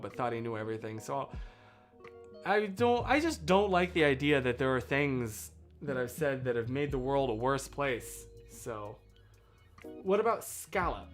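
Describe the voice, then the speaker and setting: A man chatting casually on a livestream, rambling and cutting himself off, on a boom mic kept out of shot. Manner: rambling, animated, self-interrupting.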